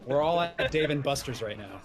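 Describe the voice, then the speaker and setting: A man's voice: mid-range voice, animated, a little fast, over a noisy crowd. A man chatting on a stream call, tossing out dry joking quips. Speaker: stream guest. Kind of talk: casual chat.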